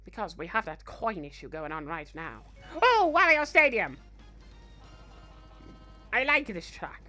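A man plays a cocky, greedy young male villain who chats boastfully over a game. The voice is bright and forceful, with a lively pitch that leaps up and down. It is in-character gameplay commentary from a fan production. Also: unhurried, faint music behind, full character voice. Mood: playful. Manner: boastful and chatty. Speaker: fan voice actor playing a character.

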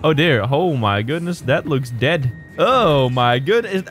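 A man's voice: fairly high pitch, expressive, a little slow, fairly bright tone. A man giving jokey let's-play commentary while playing a video game, laughing often. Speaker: gaming YouTuber. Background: faint game music.

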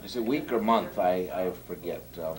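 A man's voice: deep voice, normal speed, darkish tone, poor audio. A man as a reluctant co-host in a comedy sketch, hesitant and stammering with many fillers.

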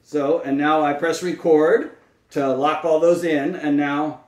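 A speech-language pathologist, a man with a slightly high voice, walks through a demonstration step by step, patient and full of small fillers. He sits back from the microphone, and the room adds a noticeable echo. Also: fairly even intonation, a little slow, a little mellow. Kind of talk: instructional demonstration. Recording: roomy, mic at a distance.

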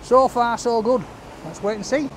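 A man's voice: very high-pitched, steady tone, moderate pace, slight background noise. A middle-aged man with a Yorkshire accent, chatting casually as he reviews a takeaway, jokey and friendly. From Sheffield, England. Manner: chatty and jokey, calls people love. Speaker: food reviewer. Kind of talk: casual food vlog. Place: takeaway shop and street outside.

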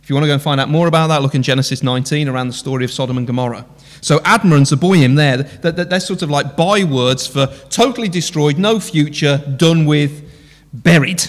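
High-voiced preacher in reverberant hall. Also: male voice, fairly quick. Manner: impassioned, many rhetorical questions. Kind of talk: sermon. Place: church hall. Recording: long church hall reverb.

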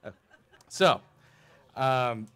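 A man in his thirties preaching a sermon in a church, animated and conversational, often asking the congregation questions. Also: medium pitch, extremely slow, clear, resonant tone. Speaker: pastor.

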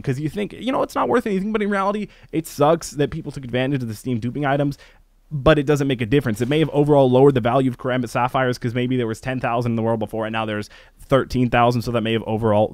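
A gaming YouTuber ranting in casual commentary, animated, laughing often and swearing while acting out what others say. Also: male voice, medium pitch, fast, no room sound.

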